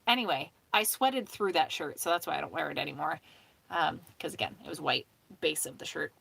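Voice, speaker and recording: A woman with a deep, husky, creaky voice and a fairly bright tone hosts a sewing hangout stream from home. She talks briskly and casually, rambling along, swearing freely and laughing often.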